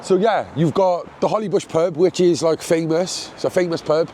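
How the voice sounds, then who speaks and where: A man's voice: a little high, moderate pace, background noise. A man with a Cardiff accent, hosting a vlog of casual street interviews outdoors and calling everyone mate. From Cardiff, Wales. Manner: chatty, laughing, calls everyone mate. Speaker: vlogger host. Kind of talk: street interviews while walking. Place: outdoors on a housing estate.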